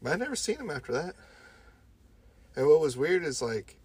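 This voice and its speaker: Husky man telling a story. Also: on the high side, sing-song, normal speed, darkish tone, no echo. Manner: storytelling, swears often. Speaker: podcast co-host. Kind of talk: casual chat.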